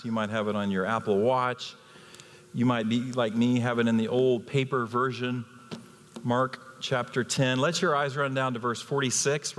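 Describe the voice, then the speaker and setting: A man delivers a sermon in a mid-range voice, pressing his points with rhetorical questions. His words ring out with a long hall reverb, as if from a sanctuary. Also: medium pitch. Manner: emphatic, asks rhetorical questions. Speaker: guest preacher.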